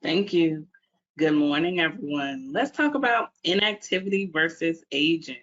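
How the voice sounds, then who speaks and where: A physical therapist from Washington, D.C. presents a webinar and puts questions to her audience. Her low-pitched voice is a bit bright and moves at a normal speed, and the recording has a dull, lo-fi webinar sound.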